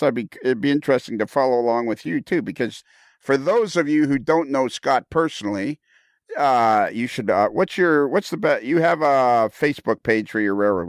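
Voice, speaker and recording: A man hosting a casual podcast conversation, enthusiastic and quick to laugh, often repeating his words, heard on a close mic. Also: medium pitch, lively intonation, dry recording. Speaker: podcast host.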